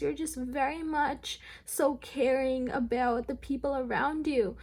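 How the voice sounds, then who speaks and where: Female tarot reader, slightly high voice with heavy vocal fry, rambling direct-address delivery. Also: steady tone, unhurried, few pauses, a little mellow. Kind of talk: pick-a-card tarot reading.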